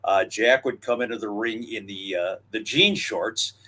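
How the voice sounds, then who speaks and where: An older man co-hosting a wrestling history podcast, reminiscing in a relaxed storytelling manner with frequent fillers. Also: fairly low pitch, unhurried. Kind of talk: casual historical chat.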